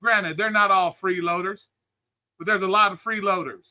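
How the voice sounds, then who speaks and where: A man's voice: sits high, steady tone, normal speed, pushed and bright. A man hosting a live stream, delivering an angry, profane political rant and greeting chat viewers by name. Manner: angry, heated, swearing constantly. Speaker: livestream host.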